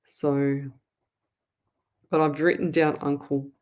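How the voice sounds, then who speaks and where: Australian woman, middle-aged, lower-pitched; rambling, repetitive live-reading host. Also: flat delivery, slow pace, darkish tone. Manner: chatty, rambling, repeats herself. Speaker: psychic medium host.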